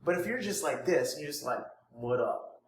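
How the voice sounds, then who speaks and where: A man coaching students on prospecting in an energetic, informal way, acting out sample conversations. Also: on the high side, fast, slight background noise. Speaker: network marketing trainer. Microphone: phone. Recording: echoey room, faint ambience, phone recording.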